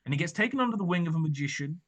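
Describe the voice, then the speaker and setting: A man's voice: on the high side, expressive, very fast, a bit bright. A man hosting a casual chat, talking through his research with many fillers and restarts. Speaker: podcast host presenting research.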